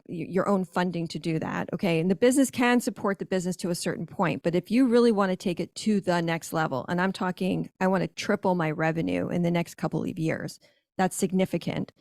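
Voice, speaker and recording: A woman's voice: fairly low pitch, fairly quick, darkish tone, no room sound, studio quality. A woman on a podcast telling her business story in an emphatic, conversational way, with frequent self-corrections. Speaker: guest, granola business owner.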